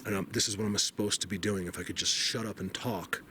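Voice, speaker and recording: Excitable man vlogging in the woods. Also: on the low side, fast, a little hiss or hum. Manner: emotional, awed, rambling, drops to hushed tones. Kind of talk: excited outdoor vlog narration. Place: outdoors in snowy forest.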